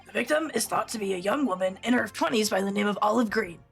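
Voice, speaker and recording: A woman voicing a gruff middle-aged male police inspector in a video game, with a rough chain-smoker rasp and a formal, officious way of reporting. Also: mid-range voice, lively intonation, fast, faint music behind. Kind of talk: voicing a game character on stream.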